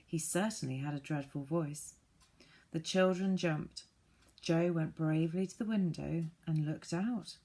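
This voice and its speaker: A woman reading a children's storybook aloud, gently voicing the characters. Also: fairly low pitch, unhurried. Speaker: audiobook reader.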